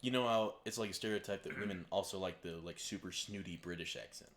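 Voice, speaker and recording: A man's voice: deep voice, fast talker, fairly bright tone. A man with a Texas accent, co-hosting a podcast and telling a rambling anecdote full of fillers. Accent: Texan. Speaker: podcast co-host. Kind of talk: casual storytelling.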